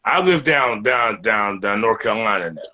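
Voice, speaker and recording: A man's voice: lowish voice, animated, moderate pace, pushed and bright, muffled recording. A man from New York with a New York accent, chatting bluntly and profanely in a casual hip hop interview, often repeating words.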